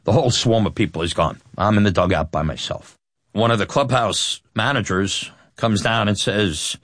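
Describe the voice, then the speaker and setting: A man telling a personal story, animated and self-deprecating, laughing as he goes. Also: on the low side, normal speed, dry recording, studio quality. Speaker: storyteller recounting his youth.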